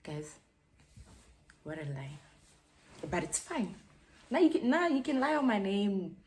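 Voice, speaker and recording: A young South African woman with a South African accent, telling a gossipy story in a casual vlog and dropping into hushed whispers now and then. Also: medium pitch, sing-song, a little slow, slight background noise. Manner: gossipy, drops to hushed whispers, mixes English with Setswana. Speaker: YouTuber.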